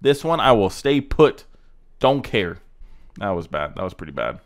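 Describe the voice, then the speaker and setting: A man's voice: lowish voice, very animated, normal speed. A man hosting a casual reaction video, ranting sarcastically and swearing as he mocks car clips. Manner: sarcastic, ranting, profane roasting.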